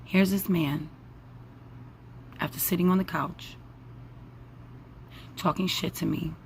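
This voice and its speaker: A woman's voice: on the low side, fairly even intonation, slow pace, darkish tone, a little hiss or hum. A woman in her forties venting to her camera, angry, tired and swearing freely. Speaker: vlogger.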